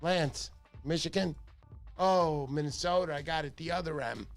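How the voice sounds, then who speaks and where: A middle-aged man hosts a casual fishing livestream, joking and teasing his viewers. His voice sits a little high, and faint music plays in the background. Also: normal speed. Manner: joking, playful, chatty. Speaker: fishing channel host.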